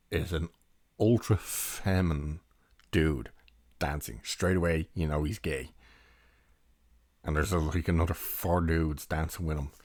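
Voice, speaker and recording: A man's voice: deep voice, no echo, studio quality. A young man giving a rambling, chatty film review and laughing now and then as he recounts scenes. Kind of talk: casual spoken film review.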